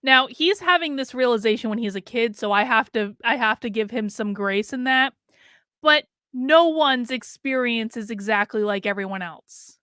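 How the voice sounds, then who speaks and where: A woman hosting a reaction video, pausing the clip to give measured, emphatic commentary and repeating points for stress. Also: fairly high pitch, pushed and bright, smooth, no echo, studio quality.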